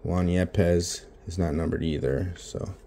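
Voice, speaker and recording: Sleep-deprived and mumbling, a young man swears his way through casual commentary as he opens baseball card packs in his home office for his vlog. He has a deep, mellow voice, fairly even intonation and a measured pace, with slight background noise.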